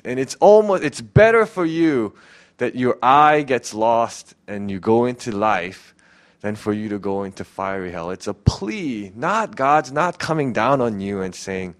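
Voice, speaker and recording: A man's voice: medium pitch, big pitch swings, measured pace. A young man preaching a casual, earnest sermon as a youth pastor, pleading, with many fillers and restarts.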